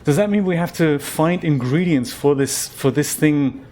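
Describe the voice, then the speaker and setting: A man's voice: fairly high pitch, moderate pace, dark tone, a little hiss or hum. Chatty man commenting on gameplay. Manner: chatty, rambling, laughs easily. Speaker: game streamer.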